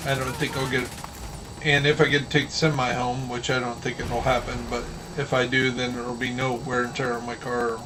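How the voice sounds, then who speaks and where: A man's voice: medium pitch, flat delivery, fairly quick. A man streaming a game, chatting casually and telling folksy stories with a drawl. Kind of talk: casual chat while gaming. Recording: distant mic with faint background noise.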